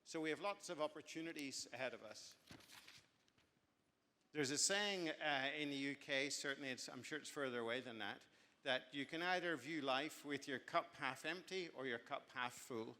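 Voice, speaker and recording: Bright-voiced man giving a hall speech. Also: medium pitch, moderate pace. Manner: rambling, self-correcting, genial. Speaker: speaker. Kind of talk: after-dinner speech. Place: banquet hall. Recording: long hall reverb.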